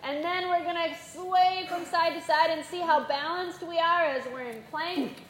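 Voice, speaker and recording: A woman teaching a playful yoga class for children, giving gentle, encouraging instructions. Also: very high-pitched, moderate pace. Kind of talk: guided kids' yoga class. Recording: echoey room with faint background noise.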